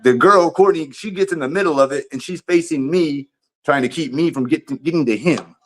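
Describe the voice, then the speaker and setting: A man's voice: on the high side, brisk. A man livestreaming, telling a story in a casual, profane, rambling way with lots of restarts.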